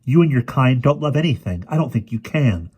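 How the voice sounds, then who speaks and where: A defiant young heroine who answers back with urgency and fire, as a man reading the story puts her on. Her lines sit higher and sharper than the narration. It suits a read-aloud fantasy storybook. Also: steady tone, moderate pace, warm tone, slightly rough. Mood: angry. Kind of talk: audiobook character reading.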